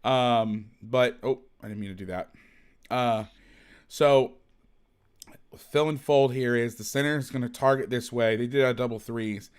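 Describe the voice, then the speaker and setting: A man's voice: medium pitch, unhurried, clean tone. A man hosting a casual football film breakdown, rambling, self-deprecating and swearing freely. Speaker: host, football film analyst.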